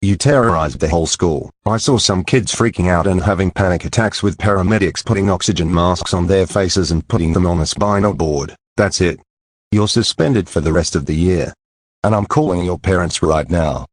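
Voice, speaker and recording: A man's voice: sits low, moderate pace, no room sound. A synthetic male voice playing a stern school principal in a cartoon, scolding and making announcements. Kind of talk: text-to-speech cartoon dialogue.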